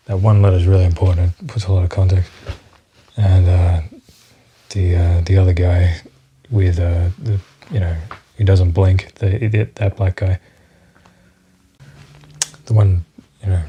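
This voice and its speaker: Male podcast host, low dark voice, rambling and foul-mouthed, solo monologue. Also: husky. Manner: rambling, profane, sidetracked, with many fillers.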